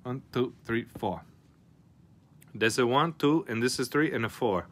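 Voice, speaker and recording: A man hosting a live card-opening stream, chatting casually with viewers, excitable and often swearing as he reacts to each pull. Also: medium pitch, a little slow.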